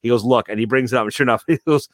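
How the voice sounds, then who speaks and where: A man's voice: medium pitch, racing, no echo, clean studio sound. A Canadian man chatting casually on a podcast, telling stories with frequent laughs and swearing. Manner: laughs often, swears, tells anecdotes. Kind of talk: casual chat.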